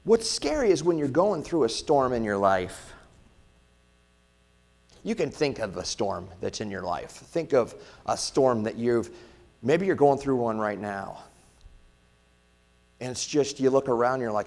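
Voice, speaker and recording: A man preaching a sermon as pastor, talking in a casual style with lots of rhetorical questions, turning loud and then quiet. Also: mid-range voice, lively intonation, unhurried, long pauses. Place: church sanctuary.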